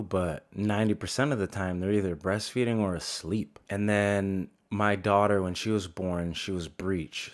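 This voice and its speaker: Deep voiced guy in his 30s doing profane exasperated stand-up. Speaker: stand-up comedian. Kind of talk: stand-up comedy monologue.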